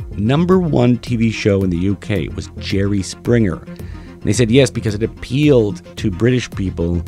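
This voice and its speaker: A man rants in a lowish voice, sneering and swearing, stopping often on fillers. Faint music plays behind him. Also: mellow. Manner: profane, sneering, halting with fillers. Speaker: commentary video host. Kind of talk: ranting commentary.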